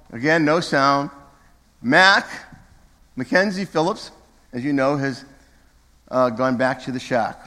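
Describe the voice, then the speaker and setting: A man's voice: mid-range voice, fairly bright tone, long reverb tail. A man giving a conversational sermon from the pulpit of a church, sometimes correcting himself and speaking directly to the congregation. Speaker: pastor. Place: church sanctuary.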